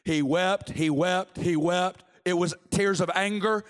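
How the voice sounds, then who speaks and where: A man preaching a fervent sermon in a church, with a notably high voice. He hammers his points home by repeating short phrases. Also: measured pace, clear, resonant tone. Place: church sanctuary.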